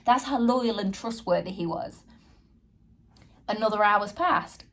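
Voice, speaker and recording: A woman's voice: mid-range voice, a little slow, fairly bright tone. A woman hosting a podcast, telling a personal story frankly and earnestly and addressing her listeners directly. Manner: frank and earnest, reenacting her own past dialogue. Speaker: podcast host.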